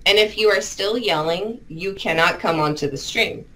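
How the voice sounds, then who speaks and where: A woman's voice: medium pitch, moderate pace, sharp tone, rough recording. Firm woman moderating a heated stream. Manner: firm, scolding, repeats herself. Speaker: stream host. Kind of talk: moderating a livestream panel.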